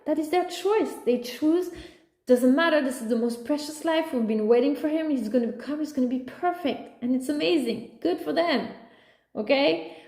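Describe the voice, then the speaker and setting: A woman's voice: high voice, a little mellow. A woman talking casually about her life as a mother, rambling with restarts and acting out the voices of others. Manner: talkative, rambling with restarts, acts out her son's voice. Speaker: mother sharing personal views. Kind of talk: casual spoken monologue. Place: at home with a small dog. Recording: echoey room.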